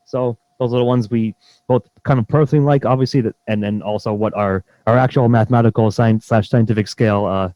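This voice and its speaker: A man's voice: lowish voice, fairly even intonation, fast, dark tone, no room sound, highs cut off. A man co-hosting a casual podcast chat about films, rambling through fillers and restarts. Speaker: podcast co-host.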